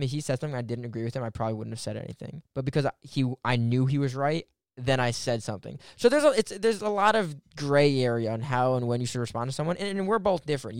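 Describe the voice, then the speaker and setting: Smooth-voiced casual podcast host, man. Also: medium pitch, no room sound, studio quality. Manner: animated storyteller, swears casually.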